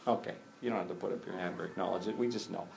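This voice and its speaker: A man preaching a conversational sermon, animated, with jokey asides and acted-out bits of dialogue. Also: low voice, racing, vocal fry. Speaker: pastor.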